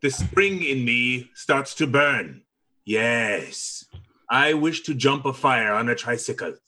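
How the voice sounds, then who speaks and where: Excitable bright-voiced man player. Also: mid-range voice, slow pace. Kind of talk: casual tabletop play.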